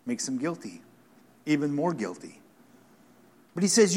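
A man preaching a sermon, acting out the words of God with questions, repetitions and dramatic pauses. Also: on the high side, sing-song, darkish tone, husky. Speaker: pastor.

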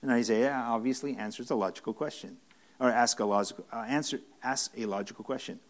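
A man's voice: medium pitch, a little fast. A man preaching a conversational Bible-study sermon to a room of listeners, earnest and emphatic, often restarting and repeating phrases. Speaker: pastor teaching a Bible study.

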